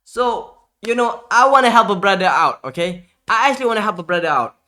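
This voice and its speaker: A male streamer telling a storytime vlog in an animated, exasperated way, full of slangy asides. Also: high-pitched, fairly quick.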